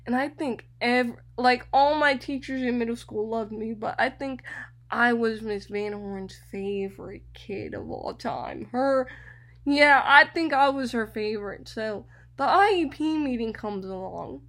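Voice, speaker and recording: Lively young woman radio host. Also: on the high side, unhurried. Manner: animated, repeats words, addresses listeners as y'all. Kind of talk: personal storytelling on radio.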